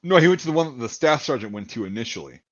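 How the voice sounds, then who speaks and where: A man's voice: mid-range voice, animated, rapid-fire, dry recording. A man from Wisconsin telling a rambling story in casual chat, repeating words and acting out what people said. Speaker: podcast host. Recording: dull lo-fi dry sound.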